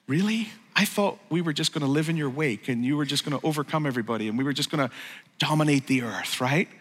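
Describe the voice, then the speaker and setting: A man preaching a sermon in an animated, conversational way, acting out the lines he quotes. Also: on the high side, quick pace, big-room sound. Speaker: pastor.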